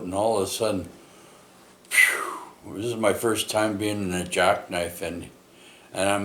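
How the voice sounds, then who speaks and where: A man with a very low voice tells a personal story at an unhurried pace. He rambles, restarts often and keeps tagging his sentences with questions. He is recorded in an echoey room with faint ambient noise behind him. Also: a bit bright. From Canada. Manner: rambling, many fillers and tag questions.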